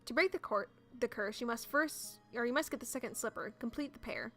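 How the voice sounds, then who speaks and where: High-voiced woman reading a game aloud. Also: fairly quick, few pauses, fairly bright tone, soft background music. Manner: casual and chatty, reads text aloud. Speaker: game streamer. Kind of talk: casual game playthrough commentary.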